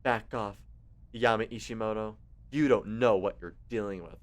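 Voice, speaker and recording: A man voicing a cold, domineering young woman who claims to know everything, speaking low and clipped. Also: moderate pace, lightly acted.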